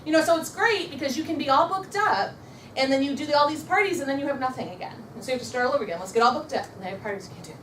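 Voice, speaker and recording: Fast-talking, upbeat woman training a sales team. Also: high-pitched, lively intonation, a bit bright, reverberant, far from the mic, slight background noise. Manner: upbeat, coaching, leads the audience in repeating affirmations. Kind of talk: motivational sales training talk. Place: meeting room with a live audience.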